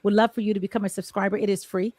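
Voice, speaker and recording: A woman's voice: medium pitch, level tone, racing, darkish tone, no echo. A woman hosting a casual live-stream interview show, chatty and reading viewer comments aloud. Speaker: talk show host.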